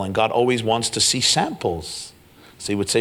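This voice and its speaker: Rabbi guy preaching a story at a big event, voices all the characters, gets loud at the peaks. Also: lowish voice, moderate pace. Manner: animated storyteller acting out dialogue, rising to loud peaks. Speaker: rabbi giving a keynote address. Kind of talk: storytelling sermon. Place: large hotel event hall.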